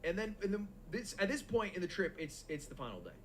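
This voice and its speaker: A young man telling a long, animated story in casual, profane chat as a stream co-host. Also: sits high, quick pace, a little hiss or hum. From United States.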